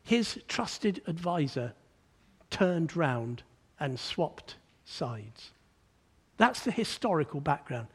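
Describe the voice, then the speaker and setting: This preacher speaks slowly with a slightly rough voice. His animated sermon swells to emphatic heights and then drops low and hushed, and he often repeats words as he opens a sentence.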